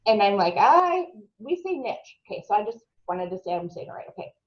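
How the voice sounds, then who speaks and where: Medium-pitched and sing-song with a dark tone, this woman talks rapid-fire as she runs a live marketing training for a group. Her style is conversational, with questions put to the trainees and the odd tripped-over word, and the audio is dull and lo-fi.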